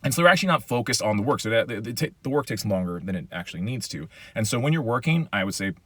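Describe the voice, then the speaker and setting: Low-voiced pastor, chatty and casual. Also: male voice, fast talker, no room sound. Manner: animated, chatty, says "okay?" often. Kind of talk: casual Q&A chat.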